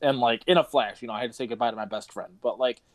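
A man's voice: medium pitch, fast, no room sound. A young man telling rambling stories on a casual podcast, swearing often and laughing between lines. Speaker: podcast host.

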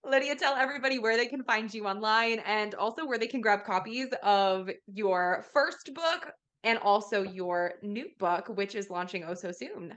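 A woman's voice: mid-range voice, normal speed, a bit bright. A woman hosting an interview podcast, enthusiastic and casual, with slangy chat. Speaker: podcast host.

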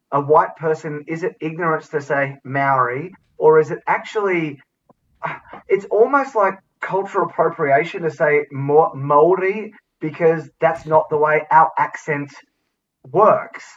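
A man's voice: fairly high pitch, unhurried, fairly bright tone, a little hiss or hum. An Australian man co-hosting a podcast, blunt and provocative as he muses aloud in casual banter. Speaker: podcast co-host. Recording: distant, dull lo-fi sound.

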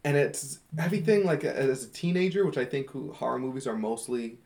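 A man's voice: medium pitch, lively intonation, fairly quick, crowd noise. A man, easygoing podcast co-host. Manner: easygoing, steers the talk, laughs often. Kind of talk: casual chat.

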